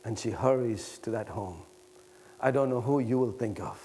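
A man preaching a sermon with passion, swinging from loud, urgent pleading to hushed, low tones, and slowing down to stretch out key words. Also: breathy edge.

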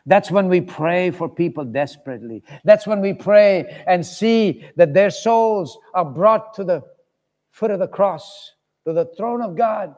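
A man preaching with a fairly high voice that rings through a big reverberant hall. He tells stories with animated delivery and acts out the voices of the people in them. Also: a little slow. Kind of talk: sermon storytelling. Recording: long reverb of a large hall.

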